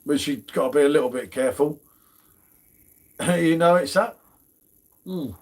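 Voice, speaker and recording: A man's voice: a little high, moderate pace, darkish tone. A middle-aged man, hosting a casual beer livestream and chatting in a matey, banter-filled way. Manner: chatty, matey banter, drops "mate" often. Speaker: beer channel host.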